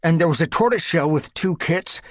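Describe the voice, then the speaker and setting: A man voicing an alert male clan cat who gives quick, urgent reports. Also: on the high side, expressive, dry recording, pitched above the performer's own voice, natural voice.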